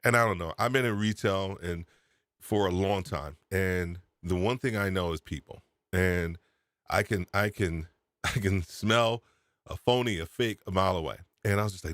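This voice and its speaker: A man hosting a live podcast chat, excitable and laughing, often repeating himself, speaking into a desk microphone. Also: low-pitched, fairly quick, no echo, clean studio sound. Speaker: podcast host. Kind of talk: casual live-stream chat. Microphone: USB desk microphone.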